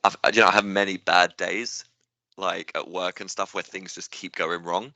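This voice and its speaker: A man's voice: low voice, level tone, normal speed, pushed and bright, dry recording. A man co-hosting a casual podcast chat, jokey and laughing often. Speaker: podcast co-host.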